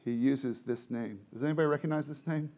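Guy leading a bible study, animated, keeps quizzing the room. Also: mid-range voice, fast. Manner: animated, explains with questions to the group. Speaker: Bible teacher.

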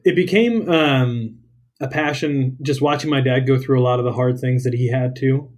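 A young adult man, a dietitian guest in a casual interview, telling relaxed stories and laughing as he goes. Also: medium pitch, moderate pace. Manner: relaxed storyteller, laughs while telling anecdotes.

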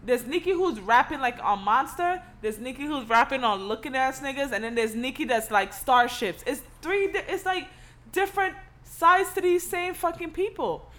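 A woman co-hosting a podcast in casual chat, talking loudly and bluntly with a lot of cursing. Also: high voice, expressive, normal speed. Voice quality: loud, blunt, profane. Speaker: podcast co-host.

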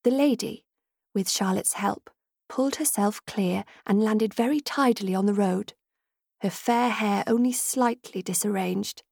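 A woman narrating an audiobook with measured, expressive storytelling. Her voice is mid-pitched with a soft, husky breathiness, and the recording is close and dry, with no room sound. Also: no echo. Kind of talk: scripted narration.

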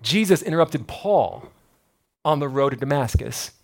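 A male pastor preaching a sermon with animated, conversational storytelling. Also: medium pitch, normal speed.

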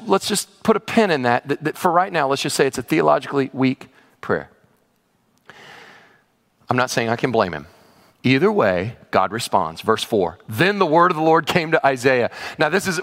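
A middle-aged male pastor preaching a sermon to a church congregation, swinging between excited high asides and low, emphatic points. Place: church sanctuary, also streamed online.

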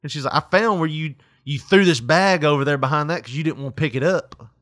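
A man's voice: fairly high pitch, fast, fairly bright tone, no echo, studio quality. A young man telling a work story in casual chat, laughing often and acting out quotes. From Tennessee.

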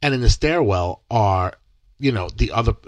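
A man's voice: lowish voice, moderate pace, no echo, highs cut off. A young man and podcast co-host, telling a story in casual chat and acting out the quoted dialogue with lots of energy. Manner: animated, acts out quoted dialogue.

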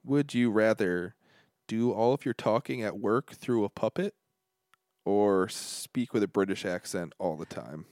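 A man's voice: fairly low pitch, a little slow, dry recording, studio quality. A man co-hosting a casual podcast chat, easygoing and jokey. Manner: easygoing, jokey, lively intonation.

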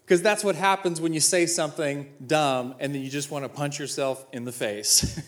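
A man in his thirties, a former football player giving an inspirational talk, telling personal stories with self-mocking humor and acting out the dialogue. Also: fairly high pitch.

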